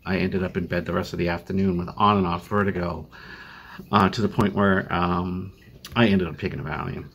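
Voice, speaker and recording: A man's voice: deep voice, fairly even intonation, fairly quick, creaky, fairly bright tone, muffled recording, a little hiss or hum. An older man with a Boston accent giving a tired, rambling video update from home, full of fillers and restarts. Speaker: vlogger living with chronic illness. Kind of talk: casual personal video update. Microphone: phone used as webcam.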